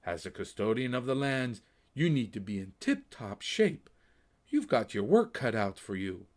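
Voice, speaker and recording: A man voicing a ghostly woman's face in an orb who speaks softly and gently scolds. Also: mid-range voice, big pitch swings, moderate pace, lightly acted. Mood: scolding.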